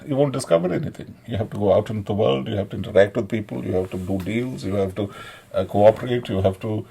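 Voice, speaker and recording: A man in a sardonic, halting monologue, full of fillers and mocking asides. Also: lowish voice, gravelly, dark tone, breathy edge. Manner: sardonic, mocking, mimics others in Hindi. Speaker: commentator. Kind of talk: casual monologue.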